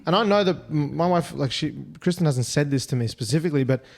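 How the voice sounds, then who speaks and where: A man co-hosts a podcast in relaxed chat, his words tumbling out fast. He restarts and repeats himself as he thinks aloud. His voice sits a little higher than most men's. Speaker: podcast co-host. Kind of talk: casual chat.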